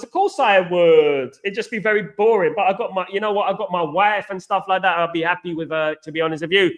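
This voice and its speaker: A man from East London, England, with a high-sitting voice, fairly even intonation and a slightly fast pace, hosts a casual football fan live stream. He repeats himself, reads viewers' comments aloud and uses "absolutely" plenty.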